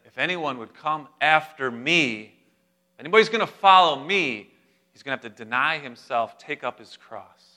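Guy doing a steady teacher, firm and plain, bright voice. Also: mid-range voice, normal speed. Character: calm, firm male teacher giving plain correction.

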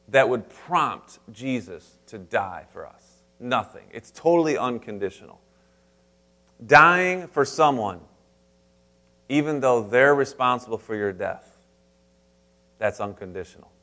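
A man preaches a sermon at an everyday middle pitch. He rises to loud, emphatic lines and then drops to soft, hushed asides. He keeps turning to the congregation with direct questions. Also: expressive, slow pace, pauses often. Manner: speaks straight to the congregation with questions. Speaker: pastor.

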